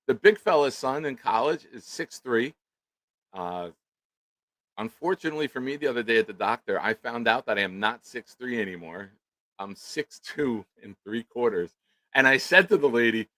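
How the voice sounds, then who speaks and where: A middle-aged man, a co-host telling a profane, comedic story in loud, animated rants. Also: fairly low pitch, moderate pace, no room sound, rough recording. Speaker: podcast co-host.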